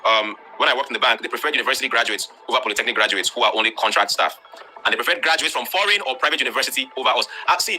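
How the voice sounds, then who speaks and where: A Nigerian man delivers a blunt, forceful lecture to an online class, pressing his points with rhetorical questions. His voice is bright and sharp, and he talks at a brisk clip. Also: medium pitch. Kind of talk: live-streamed talk to students.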